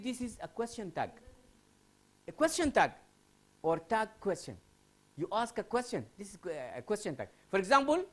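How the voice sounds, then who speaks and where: A man's voice: high-pitched, fairly bright tone. A man from Sudan teaching English in a televised university lecture, repeating key phrases and asking rhetorical questions. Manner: repetitive, rhetorical questions, drawn-out emphasis. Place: university TV studio.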